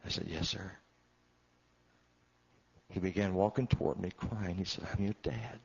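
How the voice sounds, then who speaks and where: A man's voice: deep voice, measured pace, creaky, husky. A man giving an emotional testimony in an earnest storytelling manner, repeating phrases for emphasis and acting out the voices of the people he quotes. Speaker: testimony speaker. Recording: dull lo-fi recording.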